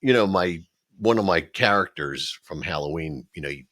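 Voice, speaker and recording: Casual podcast co-host, middle-aged man, very low voice, rambling storyteller. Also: expressive, moderate pace, a bit bright. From Philadelphia. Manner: rambling, laughing storyteller with frequent restarts.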